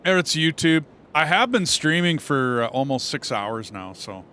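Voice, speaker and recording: A man streaming a game and chatting casually, easygoing with short relaxed replies. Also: fairly high pitch, moderate pace, slight background noise. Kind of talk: casual gaming chat.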